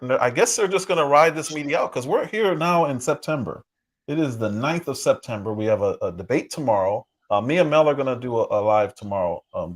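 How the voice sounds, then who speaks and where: A man hosting a livestream, reacting to clips and reading chat in casual political commentary. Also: medium pitch. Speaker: livestream host.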